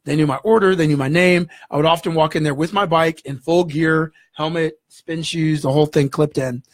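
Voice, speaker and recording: Fast-talking man telling a story. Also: fairly high pitch, no echo, clean studio sound. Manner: animated, acts out dialogue in the story. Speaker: guest. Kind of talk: storytelling in an interview.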